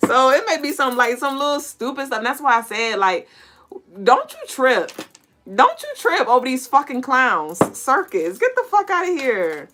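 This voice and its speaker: With a high voice full of big pitch swings, this woman speaks at a moderate pace in a pushed, bright tone over slight background noise. As a spiritual reader and podcast host, she runs a casual collective intuitive reading, blunt and animated, swearing and laughing often while calling listeners "y'all" and "collective."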